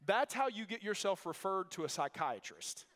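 A man's voice: sits high, sing-song, normal speed, a bit bright. A male pastor preaching a sermon in a church, emphatic and repetitive, telling a story with many restarts. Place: church sanctuary. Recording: long reverb of a church hall.

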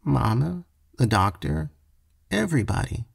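A man voicing a frail, sickly little boy who is timid and pleading, in a high, soft, whimpering voice. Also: very animated, unhurried, creaky, slightly rough, no room sound, clean studio sound, full character voice.

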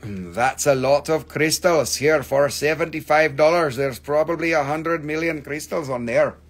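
A man's voice: a little high, measured pace. A man hosting a casual live stream where he sells rocks and crystals, joking, rambling, and swearing freely. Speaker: crystal shop host.

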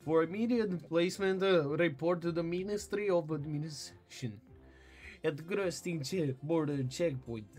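A man's voice: on the high side, darkish tone. A man voicing a stern male state official reading bulletins in a put-on mock Russian accent, stiff and formal, with faint game music behind.

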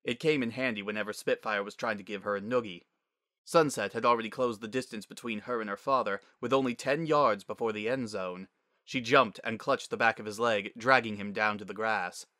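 A man narrating a story as a dramatic reading, measured and expressive. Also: fairly low pitch, dry recording, clean studio sound.

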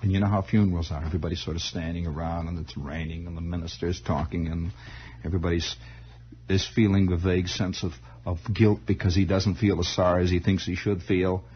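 A man telling a long story on the radio in an improvised monologue, rambling and halting, with many restarts. It is a 1960s radio broadcast. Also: sits low, flat delivery, lo-fi sound, a little hiss or hum.

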